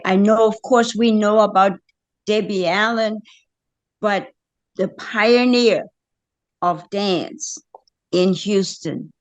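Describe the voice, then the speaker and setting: An older woman speaking as a podcast guest, earnest and heartfelt, talking about her community. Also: mid-range voice. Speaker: guest, dance elder. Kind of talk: conversational interview.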